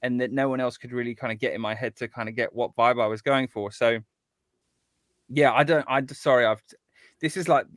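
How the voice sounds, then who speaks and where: A man chats as an interview guest in an eager, rambling way, tripping over his own restarts. His voice sits at a middle pitch and sounds dry and close, with no room around it. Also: fairly even intonation, fairly quick, a bit bright, dry recording. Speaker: guest composer. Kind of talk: casual interview chat.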